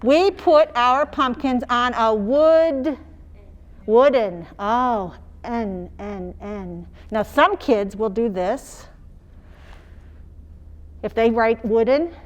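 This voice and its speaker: A woman teacher demonstrating phonics, sounding out words slowly and singing little chants the way she would for young children. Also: fairly high pitch, muffled recording. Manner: slow, sing-song teacher talk modeling sounds for young children.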